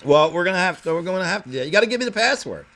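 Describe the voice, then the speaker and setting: A man's voice: high voice, sing-song, very fast, fairly bright tone. A man hosting a casual internet radio show, rambling and profane, laughing often.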